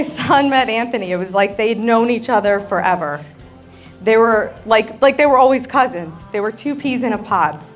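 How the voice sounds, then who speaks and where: A woman, the bride's sister, giving a wedding reception toast, joking about herself and laughing often. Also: a little high. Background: faint crowd and music.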